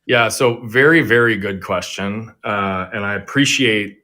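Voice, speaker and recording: A man's voice: on the low side, a little slow, sharp tone. Earnest man telling his story as a guest. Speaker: guest, performance coach. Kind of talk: conversational interview.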